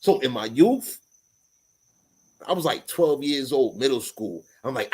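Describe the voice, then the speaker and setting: A man's voice: mid-range voice, expressive, a little slow, pauses often, a little mellow, breathy edge, poor audio. A man in his forties with a New York accent, talking in a loose, profane casual chat full of street slang.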